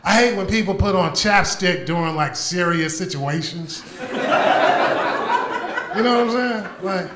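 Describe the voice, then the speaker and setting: A man doing a loud, animated stand-up comedy set in a club, with profanity and crowd work. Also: sits high, unhurried, pauses often, very noisy. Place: comedy club stage before a live audience. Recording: echoey club with audience laughter.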